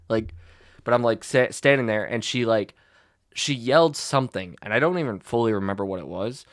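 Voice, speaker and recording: A young adult man, a teacher and podcast co-host, telling a school story in blunt, animated casual chat with many likes and restarts. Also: lowish voice, normal speed, no room sound, clean studio sound.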